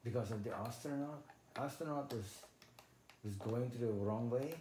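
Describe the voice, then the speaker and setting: A man's voice: mid-range voice, moderate pace. Patient dad echoing his kid's words. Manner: patient, asks gentle questions, repeats the child's words. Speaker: father playing with his young son. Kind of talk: casual playful chat with a child. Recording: echoey room with background noise.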